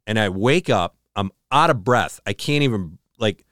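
A man co-hosting a podcast, retelling a story earnestly with halting restarts and a hushed, slowed delivery on dramatic moments. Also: expressive, no room sound, studio quality. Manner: slows and drops to a low hush on dramatic moments. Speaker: podcast co-host. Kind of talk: casual storytelling chat.

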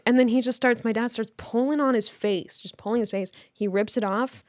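A woman's voice: a little high, fairly quick, few pauses, darkish tone, dry recording, clean studio sound. A young woman co-hosting a podcast, telling a story animatedly in casual chat, swearing and laughing now and then. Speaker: podcast co-host.

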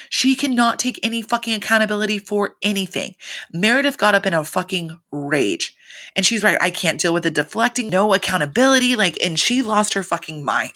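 A woman's voice: mid-range voice, normal speed. Chatty, swearing woman recapping gossip. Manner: profane, filler-heavy with constant "like"; animated, acts out quotes with laughter. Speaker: reality show recapper. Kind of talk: casual recap chat.

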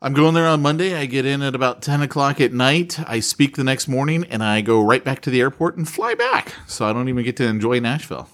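A man's voice: medium pitch, sing-song, fairly quick, hardly any pauses, fairly bright tone. A man co-hosting a podcast in casual chat, blunt and joking. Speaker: podcast co-host.

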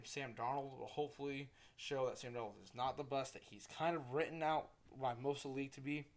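A young man hosting his own casual sports podcast, rambling, correcting himself and swearing freely. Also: medium pitch. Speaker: solo podcast host.

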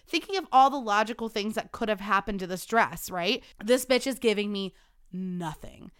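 Animated, smooth-voiced young woman host. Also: mid-range voice, normal speed, no room sound, studio quality. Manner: animated, dramatic, swears freely. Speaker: podcast host. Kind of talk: casual storytelling chat.

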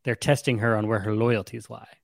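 A young man co-hosting a casual chat, retelling a story with lively, acted-out quotes. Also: on the low side, fairly quick, vocal fry, no room sound, clean studio sound. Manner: animated, acts out quotes with shifts in voice. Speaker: podcast co-host recapping a novel.

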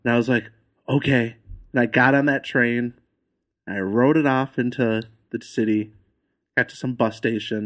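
A man's voice: medium pitch, steady tone, normal speed, fairly bright tone. A man, a podcast guest, telling a travel story in casual chat.

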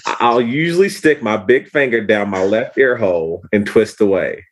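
A man on a casual panel, reading aloud and speaking in a deadpan, matter-of-fact way. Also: lowish voice, moderate pace.

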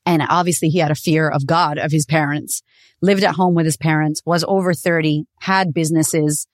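A woman's voice: low voice, dry recording, studio quality. Candid woman telling her story. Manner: candid, animated, swears freely. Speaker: podcast host. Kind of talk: personal storytelling monologue.

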